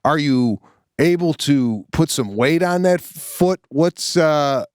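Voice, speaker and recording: A man co-hosting a comedy podcast who teases and questions his partner with deadpan ribbing. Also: on the high side, slow, clear, resonant tone, dry recording, clean studio sound. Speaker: podcast co-host. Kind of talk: casual comedic chat.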